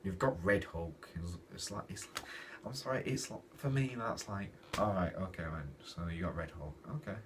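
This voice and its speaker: A man's voice: sits low, normal speed. A man reviewing a comic in a casual, exasperated rant. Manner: exasperated, ranting, animated. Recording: distant mic with noisy background.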